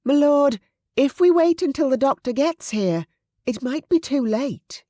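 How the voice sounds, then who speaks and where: A woman voicing a frightened but steady young lady's maid in a historical romance audiobook, pleading urgently. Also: high voice, a little slow, no room sound, studio quality, voice pushed up.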